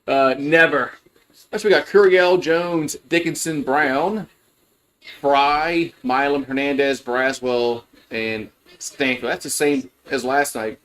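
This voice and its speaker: A man's voice: mid-range voice, steady tone, slow, a bit bright. A man giving casual, rambling play-by-play of a college baseball game on a livestream, full of fillers and restarts. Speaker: fan play-by-play host.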